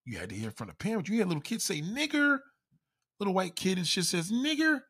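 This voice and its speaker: A man ranting in a loud, profane, comedic style, constantly swearing and acting out quoted voices. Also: high-pitched, big pitch swings, racing, breathy edge.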